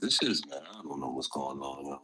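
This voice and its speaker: A man from banters as a guest on a live stream, blunt and full of swearing. His voice is low, husky and forceful. His pitch swings widely as he teases the host. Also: lively intonation, fairly quick, rough recording. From Jersey City. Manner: blunt, profane, teasing. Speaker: guest on a livestream. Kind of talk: casual banter.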